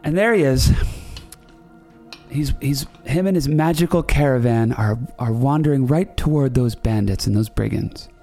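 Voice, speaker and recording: Man, podcast host, comic storytelling, rambling, playful, dark mellow voice. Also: mid-range voice, moderate pace, gravelly, faint music behind. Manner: rambling, self-correcting, playful.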